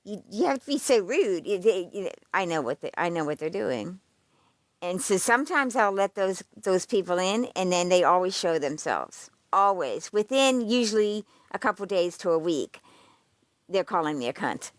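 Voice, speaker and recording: A woman's voice: on the low side, animated, moderate pace, dry recording. A woman hosting a livestream, chatting casually in a blunt, profane way, rambling with frequent restarts. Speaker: livestream host. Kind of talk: casual chat commenting on a list she reads aloud.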